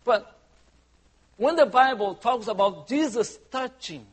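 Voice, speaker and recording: A man's voice: extremely high pitch, animated, slow pace, breathy edge. A man preaching a sermon as pastor, conversational and humorous, often asking the congregation questions. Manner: humorous asides.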